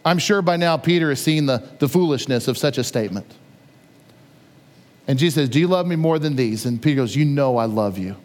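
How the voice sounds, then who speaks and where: A man preaching a sermon as a pastor, conversational and animated, retelling scripture with playful asides. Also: medium pitch, a little fast, long reverb tail.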